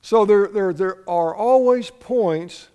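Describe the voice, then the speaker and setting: A man's voice: sits high, takes it slowly, mellow, smooth, long reverb tail. A man preaching a sermon as pastor, telling folksy stories and asking the congregation questions. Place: church sanctuary.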